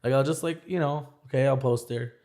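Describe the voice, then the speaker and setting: A man's voice: mid-range voice, a little fast, darkish tone. A young man talking as a podcast guest in casual chat, rambling with many restarts. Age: young adult.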